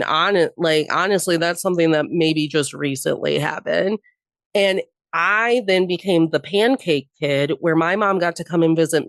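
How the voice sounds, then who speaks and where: A woman's voice: sits low, dry recording. A young adult woman on a podcast, telling personal stories candidly with frequent laughter and the odd swear. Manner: candid storytelling, laughs often, swears freely. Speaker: podcast guest. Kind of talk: casual chat.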